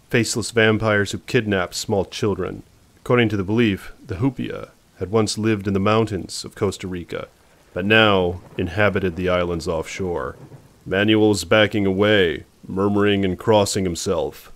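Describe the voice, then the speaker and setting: A man narrating a novel as an audiobook, in a measured, suspenseful reading. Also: lowish voice.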